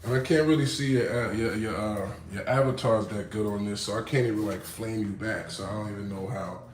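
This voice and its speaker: A man's voice: fairly low pitch, fairly even intonation, fairly quick. Laid-back streetwise man streaming live. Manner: laid-back, streetwise, full of "you know what I'm saying". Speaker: livestream host. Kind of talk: casual livestream chat with viewers. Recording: roomy, light background noise.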